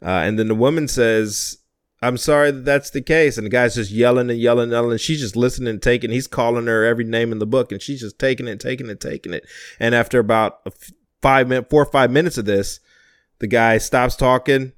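A man's voice: mid-range voice, steady tone, quick pace, dry recording, clean studio sound. A young man interviewing an older relative in a casual conversation, thoughtful and rambling as he retells stories.

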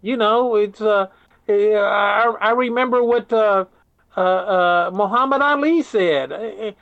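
An older man reminisces at an easy, wandering pace, circling back with restarts and dropping "man" into his sentences. His voice sits a little high for a man. The sound is close and dry, with no room around it. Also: slow pace, smooth, no echo, lo-fi sound. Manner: rambling, says "man" often, many restarts. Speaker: interviewee. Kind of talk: casual storytelling.

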